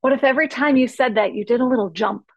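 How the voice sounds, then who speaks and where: A woman coach leads a workshop in a fairly high, bright-sounding voice, playful and animated. She lingers on the sounds of words, stretching them out, and acts out her example phrases. The recording is dry and close, with almost no room sound. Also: fast, no echo, low-quality recording. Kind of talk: teaching workshop talk.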